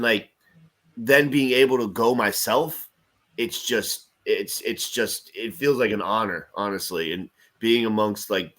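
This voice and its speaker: A man co-hosting a casual fan chat show, telling stories with animated swings and frequent laughs. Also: on the low side. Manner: animated storytelling, laughs often. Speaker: podcast host.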